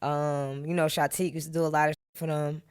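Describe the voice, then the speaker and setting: Smooth-voiced New woman, laid back. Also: low voice, level tone, fairly quick, darkish tone. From Queens, New York. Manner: laid-back, blunt street slang. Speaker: podcast guest, rapper. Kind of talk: casual storytelling interview.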